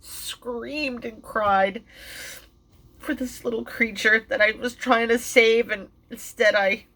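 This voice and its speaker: A middle-aged woman telling an emotional personal story, halting, with many fillers and restarts, and sounding tearful and shaken. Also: a little high, steady tone, a bit bright. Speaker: vlogger and mindfulness teacher.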